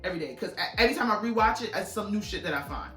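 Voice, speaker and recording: Animated and very fast, a woman's medium-pitched voice sounds pushed and bright as she rambles through a casual vlog reviewing her movie collection, swearing freely and admitting she's a yapper. She's far from the mic in an echoey room with faint music behind her.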